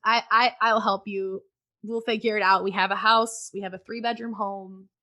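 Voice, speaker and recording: A woman's voice: mid-range voice, level tone, moderate pace, sharp tone, highs cut off. A woman guest on a podcast, frankly telling a personal story in conversation and swearing freely.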